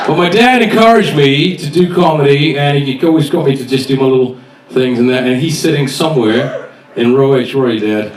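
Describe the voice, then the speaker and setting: A man's voice: mid-range voice, a little fast. A man doing a stand-up set, chatty and swearing as he acts out little scenes. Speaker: stand-up comedian. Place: comedy club stage with live audience. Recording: echoey venue, distant mic, faint noise.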